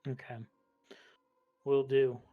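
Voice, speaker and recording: A man playing a tabletop horror game, talking in a hesitant way with frequent pauses. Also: mid-range voice, narrow, tinny audio. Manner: flat, hesitant, with "um". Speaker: player. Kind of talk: tabletop game role-play.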